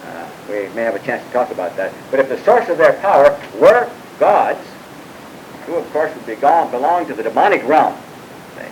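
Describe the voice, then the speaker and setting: This is a man teaching the Bible to a class at a moderate pace and an even, medium pitch. He questions the students throughout and keeps stopping for fillers like "uh" and side comments starting with "by the way," while the poor audio carries a low hum and hiss.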